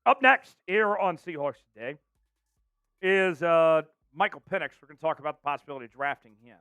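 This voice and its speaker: A man's voice: a little high, animated, fairly quick, fairly bright tone, clear, resonant tone, dry recording, soft background music. A man hosting a live sports show, talking energetically and calling out viewers from the chat. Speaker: show host.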